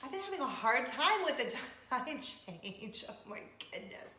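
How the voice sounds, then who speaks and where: A woman's voice: high voice, sing-song, a little slow, pushed and bright. A woman, hosting a casual weekly coffee chat and retelling everyday mishaps with self-mocking drama. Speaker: host of a weekly coffee talk show. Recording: roomy echo with faint room noise.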